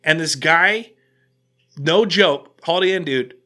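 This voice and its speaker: A man hosting a casual podcast, telling an animated story and restarting his sentences often. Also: on the high side, slow pace. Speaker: podcast host.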